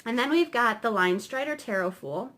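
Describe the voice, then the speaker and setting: Woman tarot reader, casual and rambling, a bit high. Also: animated, moderate pace, fairly bright tone. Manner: chatty, rambling, tag questions. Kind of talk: casual explanatory lesson.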